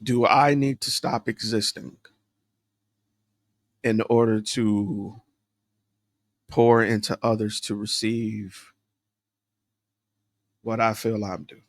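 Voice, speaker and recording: A man's voice: on the low side, steady tone, slow, long pauses, no echo, clean studio sound. A man hosting a solo podcast, talking candidly and introspectively, rambling with fillers and restarts. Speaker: podcast host.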